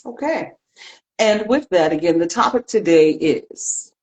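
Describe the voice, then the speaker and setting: A woman's voice: on the low side, animated, measured pace, a little mellow. A woman co-hosting a casual live-stream chat, leading the talk with playful, dry humor. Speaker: co-host.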